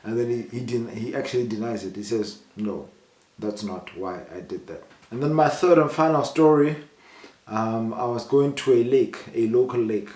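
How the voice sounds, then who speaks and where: Young man from South Africa, vlog storytelling, mid-pitched voice, roomy echo. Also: moderate pace. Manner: animated retelling, voices the people he quotes with rising pitch. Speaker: vlogger. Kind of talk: casual storytelling to camera.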